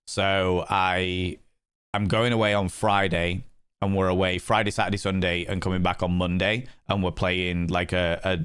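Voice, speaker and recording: Rambling, playful game streamer. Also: male voice, low voice, fairly bright tone, clear, resonant tone, no echo. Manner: rambling, playful, swears freely. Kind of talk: casual livestream chat.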